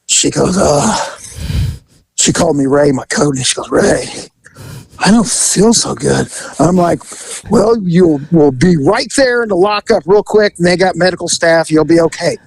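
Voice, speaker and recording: A man hosting a podcast, telling an animated story in casual chat, acting out the voices and laughing as he goes. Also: fairly high pitch, moderate pace, no echo, low-quality recording.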